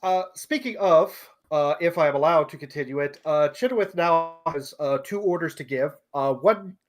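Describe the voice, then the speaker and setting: A man plays a tabletop game, his voice a touch higher than most. He thinks aloud and hesitates as he lays out plans. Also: normal speed. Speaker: player.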